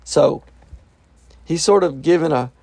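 A man reading Bible verses aloud and explaining them in a relaxed, conversational way, with frequent fillers. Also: fairly high pitch, unhurried, vocal fry, breathy edge, no room sound. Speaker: Bible teacher. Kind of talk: reading scripture with commentary.

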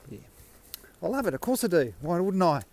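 A man's voice: sits high, sing-song, a little fast, darkish tone. An Australian man hosting a podcast, talking in a rambling, self-mocking way while out walking his dog. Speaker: podcast host. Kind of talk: casual rambling monologue.

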